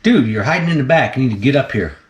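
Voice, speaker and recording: A man's voice: mid-range voice, lively intonation, quick pace, reverberant. A man hosting a casual vlog while feeding a snake, chatty and laughing often as he talks to the animal. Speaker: snake keeper and channel host.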